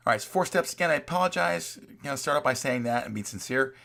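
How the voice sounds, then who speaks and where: A man's voice: medium pitch, expressive, fast, creaky, sharp tone. A man teaching a college class in a recorded lecture, talking in a conversational way, reading quoted examples aloud and often checking in with "right?".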